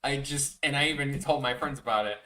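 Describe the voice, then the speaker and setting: A young man animating live tells wandering, profane tales and does impressions in casual chat as he works. His voice sits mid-range, brisk, bright, and forceful. Faint music runs behind him, and the mic picks him up from a bit of a distance.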